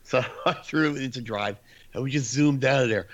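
A man casually telling a spooky story from his youth, animated and laughing, acting out his friends' screams. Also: medium pitch, moderate pace.

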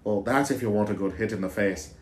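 A man hosting a casual podcast chat, animated and jokey, often slipping into silly voices. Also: fairly low pitch, fast talker. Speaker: podcast host. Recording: roomy echo.

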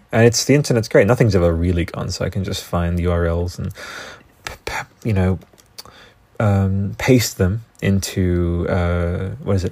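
An Australian man talks through a loose solo podcast, cursing as he chases one tangent after another. His voice sits very low with a gravelly, husky grain. The recording is dry and close, with no room sound. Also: no echo. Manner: profane, excitable, goes off on tangents. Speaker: podcast host. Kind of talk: casual solo podcast rambling.

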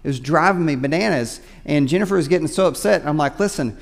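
A man's voice: on the high side, fast, gravelly, long reverb tail. A man preaching a sermon as pastor, talking conversationally and often repeating his words mid-sentence. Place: church sanctuary.

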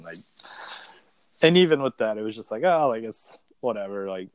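A man's voice: mid-range voice, animated, fairly quick, smooth, no echo. A man, a former contestant, telling a rambling story in a casual interview, filling his speech with "like" and acting out what people said. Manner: rambling, fills speech with "like", acts out quoted dialogue.

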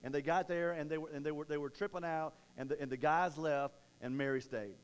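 A man delivering a sermon to an online audience, his voice sitting a little higher than most men's. He talks in an animated, unpolished way, stumbling over and repeating words, and jumps into a raised pitch whenever he acts out a quote. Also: brisk, clear, resonant tone. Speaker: preacher.

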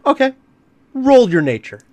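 A man's voice: extremely high pitch, very animated, unhurried, a little mellow, no echo. A man running a tabletop game as game master, hesitant and improvising with many fillers.

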